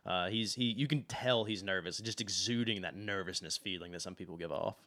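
A young man running a tabletop game as game master, narrating in a relaxed way with many fillers. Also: deep voice, a little fast, dry recording.

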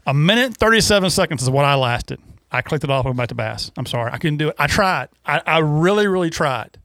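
A man co-hosting a casual fishing talk show, animated and rambling, with many restarts. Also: on the high side, fast, no echo, studio quality. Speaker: co-host.

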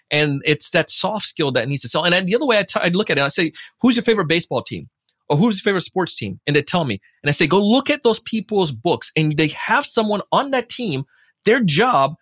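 Husky higher-voiced man chatting. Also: no echo, clean studio sound. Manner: animated, acts out quoted voices. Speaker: guest. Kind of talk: casual chat.

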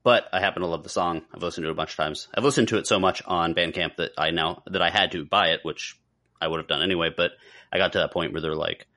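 A man's voice: sits low, quick pace, pushed and bright. A man co-hosting a podcast in casual, playful chat, joking and imitating sounds. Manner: playful, chatty, mimics sounds. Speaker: podcast co-host.

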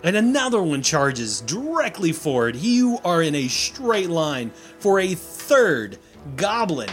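A man narrating a tabletop game as game master, animated and laughing often. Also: a little high, slow pace, soft background music.

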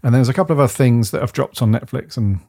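A man from the UK co-hosting a podcast, chatting in a rambling, enthusiastic way and often letting his phrases trail off softly. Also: medium pitch, quick pace. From United Kingdom. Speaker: podcast co-host. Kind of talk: casual chat.

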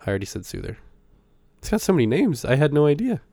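A man's voice: a little high, big pitch swings, fast talker, vocal fry, warm tone, no echo. A man co-hosting a casual chat, teasing and laughing often. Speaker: podcast co-host.

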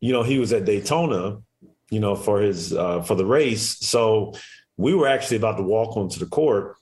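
A man in his forties, a former athlete, talking in a relaxed, rambling, reflective way as a radio show guest. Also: fairly low pitch, normal speed. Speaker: guest, former basketball player and coach. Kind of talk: casual interview chat.

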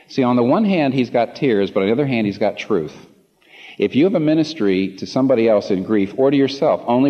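A man preaching a sermon to a congregation, passionate, repeating phrases for emphasis and swinging from low asides to emphatic peaks. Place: large room before a congregation. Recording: long hall reverb, slightly muffled.

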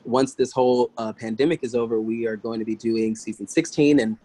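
A man chatting as a podcast guest, telling stories in a loose, conversational way. He slips into other people's voices as he retells events and laughs easily between lines. His speaking voice sits at a middling pitch. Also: brisk, husky, poor audio. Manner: animated, acts out quoted voices, laughs often. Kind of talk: casual storytelling interview.

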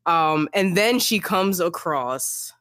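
A young woman in a relaxed book chat, her voice sitting a little low for a woman. She talks in a lively, animated way and slips into playful character voices. The sound is close and dry. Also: slow, dry recording. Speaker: podcast co-host. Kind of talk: casual book-discussion chat.

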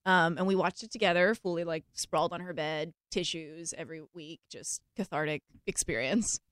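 A young actress chatting as a podcast guest, animated and quick to laugh, with lots of casual fillers. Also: female voice, on the low side, smooth, no echo, studio quality. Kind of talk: casual interview chat.

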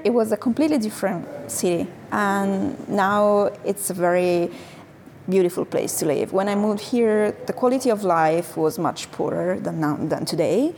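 A woman from Genoa, a food coach speaking as a guest, pausing often and filling gaps while she finds her words. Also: lowish voice, a little mellow, slight background noise. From Genoa, Italy. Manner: hesitant, many fillers while searching for words. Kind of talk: conversational interview.

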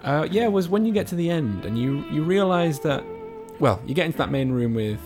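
A man's voice: a little high, sing-song, brisk, over music. A man in casual chat as a podcast co-host, enthusiastically retelling game and film plots in a rambling way.

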